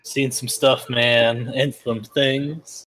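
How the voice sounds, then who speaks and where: A man's voice: medium pitch, level tone, very slow, fairly bright tone, rough recording. A man playing a tabletop game online, trading wry jokes and banter with the others. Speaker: player. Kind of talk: casual tabletop game chat. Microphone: voice chat over internet.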